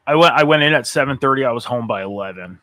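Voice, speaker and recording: A man's voice: medium pitch, animated, fast, pushed and bright. A man co-hosting a casual talk show, sounding tired and talking bluntly with plenty of swearing. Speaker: co-host. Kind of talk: casual chat.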